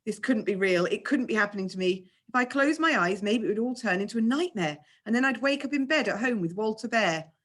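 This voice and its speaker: A woman, a teacher, reading a children's novel aloud with expressive storytelling. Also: a little high, brisk, hardly any pauses.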